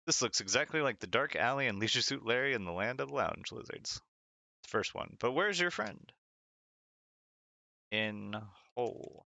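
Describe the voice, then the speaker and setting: A man's voice: mid-range voice, lively intonation, moderate pace, vocal fry, pushed and bright, no room sound. A man streaming a retro game, reading its text aloud with wry asides and frequent laughter. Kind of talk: casual game commentary.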